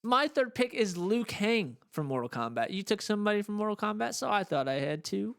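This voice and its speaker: Man, podcast co-host, casual chat, trails off, lively pitch. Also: a little fast, vocal fry, clear, resonant tone. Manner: lively, trailing off mid-sentence.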